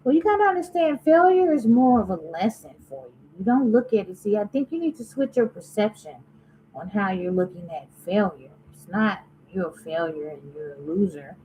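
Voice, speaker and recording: A woman's voice: medium pitch, lively intonation, normal speed, mellow, slight background noise, poor audio. Chatty woman giving a tarot reading. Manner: chatty, talks straight to viewers, muses aloud and asks spirit questions. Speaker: tarot reader. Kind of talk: casual tarot reading to camera.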